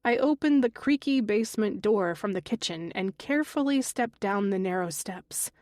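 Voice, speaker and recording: A woman's voice: mid-range voice, animated, normal speed, a little mellow, no echo. Woman narrating a thriller audiobook, dry. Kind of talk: first-person thriller narration.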